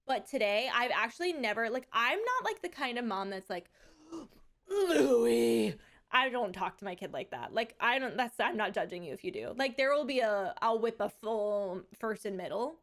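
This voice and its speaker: A woman's voice: on the high side, a little fast, hardly any pauses. Chatty young woman streamer. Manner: chatty storytelling, animated quoted asides. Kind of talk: casual chat.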